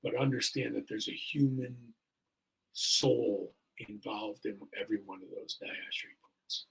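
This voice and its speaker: A fire chief in his sixties tells a story in a very gravelly, deeply husky voice. He talks in a casual, earnest way, wandering through fillers as he goes. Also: a little slow, fairly bright tone, low-quality recording. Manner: earnest, rambling with many fillers. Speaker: fire chief, podcast guest. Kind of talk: casual storytelling in a podcast interview.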